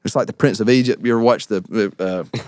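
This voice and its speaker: A young man, a podcast guest and actor, telling stories in an animated, casual way with frequent laughs and quick asides. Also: on the low side, no room sound, clean studio sound. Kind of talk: casual storytelling.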